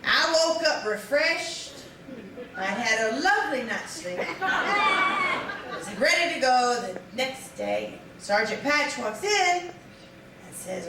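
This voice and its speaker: A woman's voice: sits high, very animated, slow, crowd noise, noisy background. A woman in her fifties doing a live stand-up routine, rambling and self-mocking with lots of fillers and restarts. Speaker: stand-up comedian. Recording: distant echoey live room with audience. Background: audience laughter.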